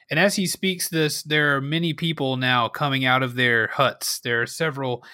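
Bright-voiced man running a tabletop game. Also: medium pitch, steady tone, moderate pace, hardly any pauses, no room sound, studio quality. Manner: hesitant, full of ums and restarts. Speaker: game master. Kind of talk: narrating a tabletop game on a stream.

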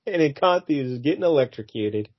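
A man's voice: medium pitch, animated, normal speed, husky, dry recording. A man co-hosting a podcast, casually recapping a comic book and putting on silly voices for the characters. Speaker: podcast co-host. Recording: dull lo-fi dry recording.

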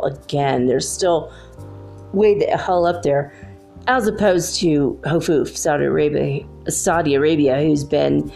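A woman talks in a low, gravelly voice with a lot of vocal fry. Her vlog is casual and rambling, full of "like". Faint music plays behind her in her room. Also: a little mellow. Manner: rambling, chatty, uses "like" often. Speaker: vlogger. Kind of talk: casual spiritual vlog commentary. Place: her room at home, alone.

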